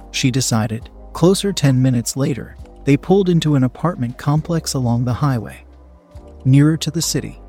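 A man narrating an erotic story in an even, unhurried reading voice. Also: mid-range voice, slightly rough.

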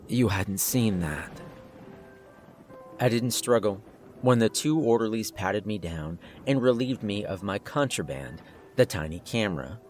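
Low-voiced man narrating horror. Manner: tense first-person storytelling. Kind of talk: scripted horror story narration.

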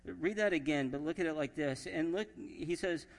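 A pastor preaching in a reverberant church. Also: male voice, a little high, moderate pace, creaky, hardly any pauses. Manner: reads scripture aloud and acts out quoted lines with shifting emphasis. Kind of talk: sermon.

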